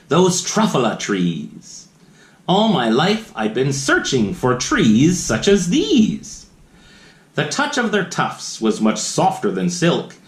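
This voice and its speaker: A man reads a rhyming children's book aloud, his voice swooping widely up and down. He takes his time and stops for playful asides to his young listeners. The sound carries a roomy echo. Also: on the high side. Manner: sing-song rhyming reading with playful asides. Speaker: children's story reader.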